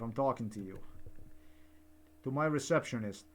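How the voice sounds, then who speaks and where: Older guy w going on and on, repeating himself, mid-pitched voice. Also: animated, moderate pace. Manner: rambling, repetitive, digressive. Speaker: vlogger. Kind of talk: rambling personal commentary.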